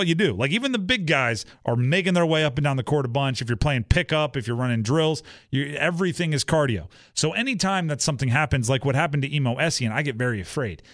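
A man's voice: medium pitch, a bit bright, no room sound, clean studio sound. A young man co-hosting a sports talk show in a casual, rambling way, acting out the teammates he quotes. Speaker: sports podcast co-host.

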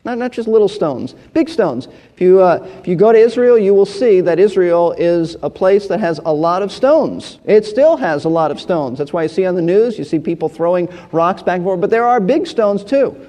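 A man with a high, mellow voice teaches through scripture verse by verse, explaining each point and often doubling back on his words. His voice rings out with the long reverb of a large hall. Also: animated, moderate pace, few pauses. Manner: explanatory, repeats words and restarts phrases. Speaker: Bible teacher.

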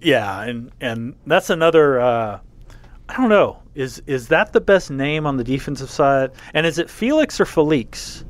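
A man's voice: mid-range voice, animated. A man hosting a casual sports podcast, talking things through with plenty of fillers and restarts. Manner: halting, many fillers and restarts. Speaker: podcast host.

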